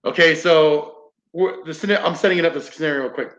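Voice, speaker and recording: Paranormal investigator type, male, slightly raised pitch, loose swearing storyteller; echoey room, muffled audio. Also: brisk, a bit bright. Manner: rambling, swears freely, acts out quotes. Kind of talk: casual storytelling. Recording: roomy, dull lo-fi podcast audio.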